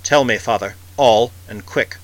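A man's voice: mid-range voice, big pitch swings, moderate pace, pushed and bright, pitched above the performer's own voice, rough recording. A man reading the part of a bitter male outlaw from Earth, talking in a hard, clipped, insistent way.

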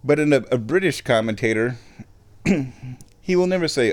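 A man at home, ranting and giving casual opinionated commentary on a football match, often clearing his throat. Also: medium pitch, expressive, moderate pace. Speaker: fan watching a football match.

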